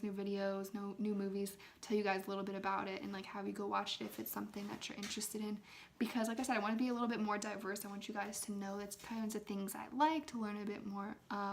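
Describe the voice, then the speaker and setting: Chatty young woman retelling a film. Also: medium pitch. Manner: loose and chatty, many "like"s, drops into whispers now and then. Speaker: ASMR creator talking to viewers. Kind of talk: casual chat, retelling a film.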